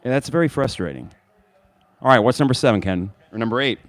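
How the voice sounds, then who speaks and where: Animated man calling a game. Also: medium pitch, fast. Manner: animated, pained and laughing from hot sauce. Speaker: podcast host. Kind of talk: casual live game commentary.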